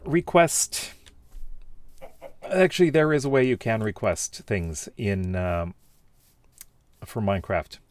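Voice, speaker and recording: Low-voiced man rambling through viewer comments. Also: slow pace, long pauses, darkish tone. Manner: rambling, with many fillers and restarts. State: has the hiccups. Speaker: YouTuber reading viewer comments. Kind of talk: casual commentary.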